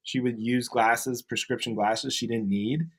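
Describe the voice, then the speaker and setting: A man's voice: mid-range voice, steady tone, unhurried. Laid-back rambling podcast co-host man. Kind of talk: casual chat.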